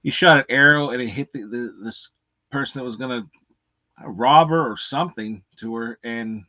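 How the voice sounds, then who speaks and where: A man's voice: medium pitch, moderate pace, pushed and bright, dry recording, muffled recording. A man hosting a casual live unboxing, rambling and cursing freely with lots of fillers. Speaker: movie reviewer and unboxing host.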